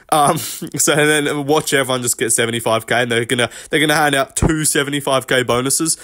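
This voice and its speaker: Man, casual reaction commentary, rambling, blunt, swears freely, mid-pitched voice. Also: fairly even intonation, brisk, hardly any pauses, bright, forceful tone. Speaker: MMA commentary host.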